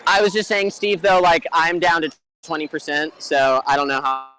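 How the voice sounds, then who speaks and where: A man's voice: on the high side, flat delivery, normal speed, bright, forceful tone, low-quality recording. A man chatting as a player in a tabletop game, easygoing and slangy. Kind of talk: casual chat at a tabletop game.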